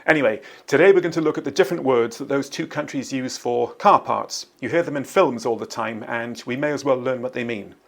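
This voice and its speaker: Fifties guy from england running a quiz lesson, gravelly, clear and steady. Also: medium pitch. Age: 50s. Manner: clear, measured quiz-style delivery. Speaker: transcription exercise presenter. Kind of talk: teaching.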